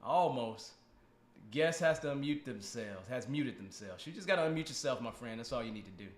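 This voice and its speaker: A man's voice: medium pitch, animated, brisk. A man hosting a casual live stream with a guest on a video call, joking, teasing and laughing often. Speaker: podcast host. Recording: roomy echo.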